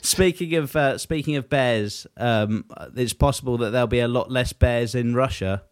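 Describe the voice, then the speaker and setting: A man co-hosting a casual podcast, cracking jokes and laughing freely. His voice sits at an ordinary pitch and is recorded dry and close, with no room sound. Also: moderate pace, dry recording. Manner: joking, laughs often. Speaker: podcast co-host. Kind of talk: casual comedic chat.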